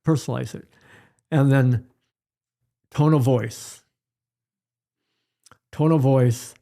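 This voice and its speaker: An older man, a pediatrician guest, telling stories in an unhurried way and repeating his key phrases during an interview. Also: mid-range voice, warm tone. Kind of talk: conversational interview.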